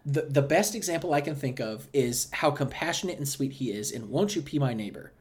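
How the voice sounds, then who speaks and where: A man's voice: mid-range voice, a little fast. Ranting man podcast co-host. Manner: ranting, profane, animated. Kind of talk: casual podcast chat.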